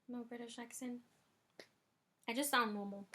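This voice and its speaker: A woman's voice: fairly high pitch, steady tone, slow, long pauses, a bit bright, a little hiss or hum. A young woman talking casually in a music review vlog, chatty and full of filler ums, recorded in her bedroom. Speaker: vlogger. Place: bedroom at home.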